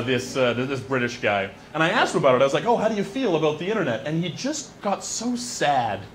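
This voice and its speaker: A man doing a stand-up comedy monologue into a handheld microphone in a small venue, wry and deadpan with quick asides. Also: fairly high pitch.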